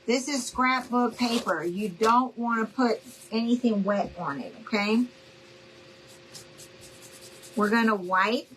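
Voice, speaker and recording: Female craft-tutorial host, unhurried and chatty, keeps checking in with viewers, faint hum behind. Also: fairly high pitch, a bit bright, poor audio. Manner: chatty, addresses viewers as y'all, checks in with okay?. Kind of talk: live crafting demonstration.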